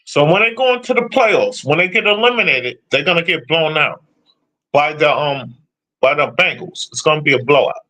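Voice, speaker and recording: Brash streamer guy, bright, lively voice, swears constantly while trash-talking. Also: fairly high pitch, moderate pace. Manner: profane, blunt, trash-talking. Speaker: streamer answering chat. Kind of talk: casual sports rant.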